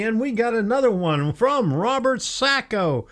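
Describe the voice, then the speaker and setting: A man's voice: very high-pitched, very animated, unhurried, fairly bright tone. An older man hosting a live stream, greeting viewers by name in a chatty, folksy way. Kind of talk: casual live stream chat.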